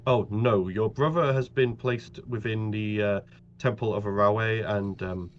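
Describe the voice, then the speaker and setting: A man narrating as game master of a tabletop game, measured and halting. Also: lowish voice, fairly even intonation, a little hiss or hum. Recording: dull lo-fi audio, faint music.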